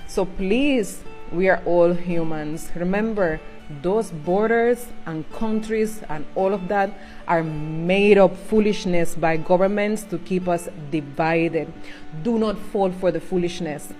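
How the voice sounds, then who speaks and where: A woman's voice: fairly low pitch, takes it slowly, a little mellow, faint music behind. Cuban woman with Jamaican-Spanish accent. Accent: Jamaican English with Spanish mixed in. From Cuba. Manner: earnest, pleading, switches into Jamaican patois. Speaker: social media creator. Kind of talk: heartfelt personal monologue.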